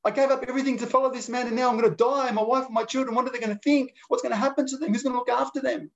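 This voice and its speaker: A man's voice: very high-pitched, big pitch swings, normal speed, darkish tone, lo-fi sound, pitched above the performer's own voice. A man voicing a frightened male disciple, anxious and pleading.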